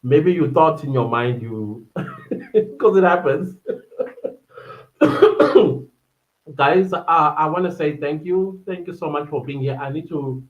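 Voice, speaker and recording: A man hosting a casual livestream, reading out viewer comments and often breaking into laughter. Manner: chatty and warm-hearted, often laughing, quick shifts up in pitch. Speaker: livestream host. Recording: muffled lo-fi livestream audio.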